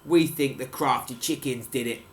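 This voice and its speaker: A herd of grumbling storybook farm cows, doubtful and muttering in a voice, as a dad reads them out. The tone stays middling in pitch. A faint hiss sits under the recording. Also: male voice, normal speed, natural voice. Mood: accusing.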